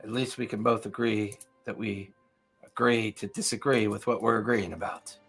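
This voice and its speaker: A gruff shark-form merfolk commander, put on by a man running a tabletop game. He speaks in a low, clipped way, curt and commanding, as if every word is a grudging duty. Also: flat delivery, moderate pace, a bit bright, soft background music, exaggerated voice. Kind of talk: tabletop role-play.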